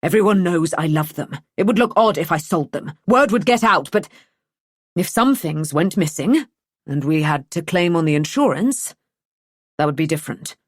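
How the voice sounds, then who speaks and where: A woman reading an audiobook, voicing a sharp, controlling husband who speaks curtly and with sarcasm. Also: low voice, lively intonation, moderate pace, breathy edge, no room sound, studio quality. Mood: scheming. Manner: curt, sarcastic, snapping.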